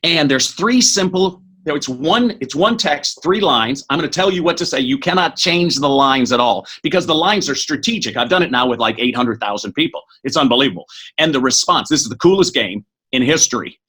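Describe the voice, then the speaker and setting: A middle-aged man speaking as a podcast guest, giving an energetic motivational talk that is quick and full of restarts. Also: mid-range voice, breathy edge. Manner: energetic, fast, with many restarts.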